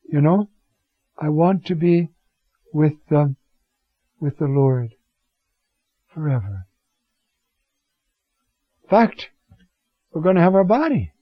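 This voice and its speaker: A man preaching on scripture in an animated way, with rhetorical questions and sudden leaps in pitch. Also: dry recording. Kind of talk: sermon on scripture. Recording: dull, lo-fi dry recording.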